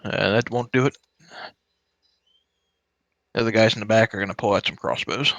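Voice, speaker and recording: A man runs a tabletop game in a laid-back way, with loose narration and fillers. His voice is bright and forward. The recording is dry, with no room echo. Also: lowish voice, fairly even intonation, moderate pace, vocal fry. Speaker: game master.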